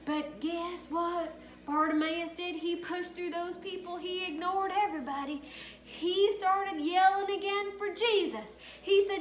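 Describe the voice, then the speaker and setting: A woman with a very high voice tells a Bible story to small children, speaking slowly. She keeps asking them questions and gets them to repeat lines. Her voice echoes around the room. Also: fairly bright tone, faint music behind. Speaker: Sunday school teacher. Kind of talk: storytelling Bible lesson for preschoolers.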